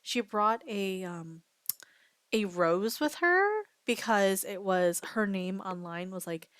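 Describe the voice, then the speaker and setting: A woman streamer tells a meandering story in casual chat, stopping and restarting with plenty of fillers. Her voice sits at a middling pitch and sounds close and dry. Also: lively intonation, slow pace, a bit bright, smooth, no room sound.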